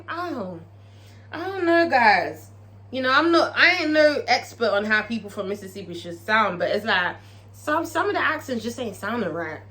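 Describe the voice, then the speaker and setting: Bright, animated British woman. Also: a little high. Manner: animated, profane, chatty. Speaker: TV show reviewer. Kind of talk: casual episode recap.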